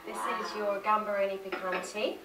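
A woman's voice: medium pitch, little pitch movement, a little slow, creaky, echoey room, distant mic, over music, low-quality recording. A woman hosting a dinner party at home, chatting cheerfully to camera as she cooks. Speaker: dinner party host cooking. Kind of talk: casual chat to camera. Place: home kitchen and dining room.

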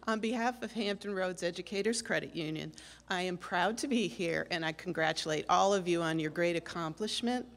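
Woman, sponsor speaker, friendly and a bit hesitant, lowish voice, long hall reverb. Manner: friendly, a little hesitant, with ums. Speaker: sponsor representative. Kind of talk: short ceremony remarks.

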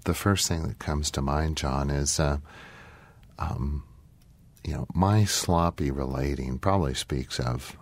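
Very deep-voiced man reflecting on faith. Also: dry recording. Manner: thoughtful, pauses with many ums, quotes Scripture. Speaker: co-host. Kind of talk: Christian talk show conversation.

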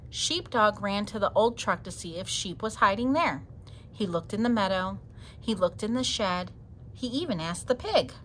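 A woman reading a children's picture book aloud in a playful, expressive way. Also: medium pitch, moderate pace, a little hiss or hum. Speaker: storyteller.

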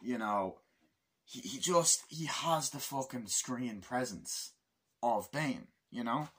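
A young man giving a casual film review, excitable and full of swearing as he retells scenes. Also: mid-range voice, slow pace, breathy edge. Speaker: movie reviewer.

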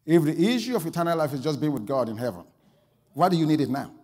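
A pastor preaching a sermon, telling a story that swings from quiet asides to loud exclamations. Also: male voice, on the high side, very animated, fast talker, big-room sound.

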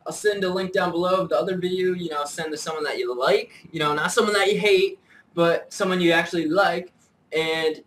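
Male YouTuber delivering a mock-furious, profane rant to camera in a slightly high voice. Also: brisk, a bit bright, rough recording. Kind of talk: comedic insult rant to camera.

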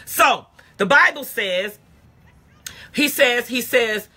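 A woman pastor and prophetic teacher delivers a live-streamed sermon in a slow, husky, high-leaning voice that sounds pushed and bright, with lively intonation. Blunt and colloquial, she addresses listeners directly, repeats phrases rhythmically, and often bursts into emphatic exclamations.

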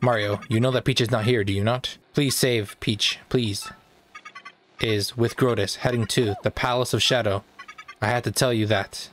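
A man's voice: mid-range voice, fairly even intonation, moderate pace, a bit bright, slight background noise, lightly acted. Failing male computer, read by a man for a game read-along, formal and pleading. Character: dying polite male fortress computer.

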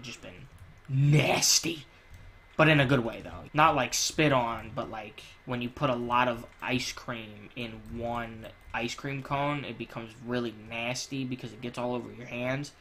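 A young man riffing crudely over his gameplay, swinging between low mutters and sudden loud shouts. His commentary is jokey, profane and full of laughter. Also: a little hiss or hum. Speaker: gaming channel host.

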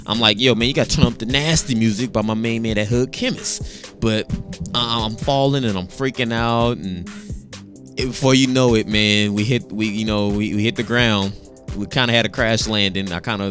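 This man, in his thirties and speaking on the low side, shares a personal story in a casual, animated way. He uses slang and keeps repeating words as he goes.

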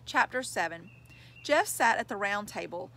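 A woman's voice: medium pitch, animated, bright, forceful tone, slight background noise. Woman reading a children's story. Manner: measured, clear storytelling. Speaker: audiobook reader. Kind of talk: storybook narration.

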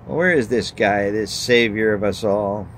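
A man's voice: fairly low pitch, unhurried, a bit bright, slight background noise. A man voicing Daniel, a defiant male prophet who talks bluntly and sarcastically. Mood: exasperated.

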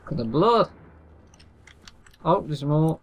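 Excitable joking gamer man. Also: a little high, slow pace. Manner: jokey, excitable, breaks into laughs. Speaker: gamer, co-host. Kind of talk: casual co-op gameplay commentary.

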